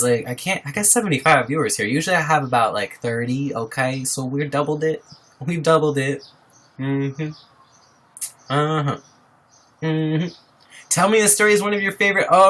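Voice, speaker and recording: A man's voice: mid-range voice, bright, forceful tone. A man from Iowa chatting casually on a live stream, reading viewer comments aloud and answering them with frequent laughs. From Iowa, USA. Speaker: livestreamer.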